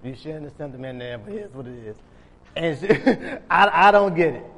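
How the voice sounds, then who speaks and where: A man with a fairly high, fairly bright voice preaches an informal sermon at a normal speed, retelling Bible stories in casual, conversational speech. He animatedly acts out the characters, and the recording carries a long hall reverb.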